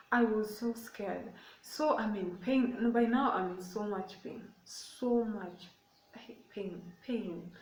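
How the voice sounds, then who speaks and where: A woman's voice: mid-range voice, far from the mic, slight background noise. A young woman tells a personal story in a casual, emotional way, circling back and repeating herself as she goes. She sits some way from the microphone, and the room gives her voice a hollow echo. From Kenya. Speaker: vlogger. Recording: echoey room, away from the mic.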